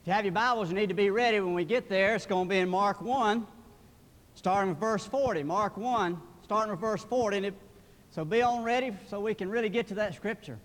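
A man's voice: high-pitched, brisk, big-room sound. A man, a college president giving a sermon, earnest and building to fervent emphasis. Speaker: college president, guest preacher.

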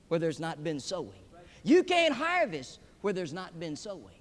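A man preaching a sermon to a live audience, swinging between loud emphatic peaks and hushed drops. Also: high voice, sing-song, measured pace. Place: large hall with a live audience. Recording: long hall reverb.

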